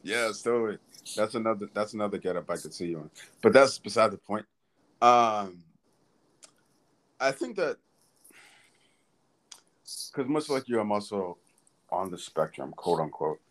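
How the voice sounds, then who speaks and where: A man's voice: lowish voice, expressive, a little slow, long pauses, a bit bright. A man hosting a casual podcast, asking questions and eagerly agreeing with his guest. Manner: eager, agreeable interviewer, frequent laughs and affirmations. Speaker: podcast host.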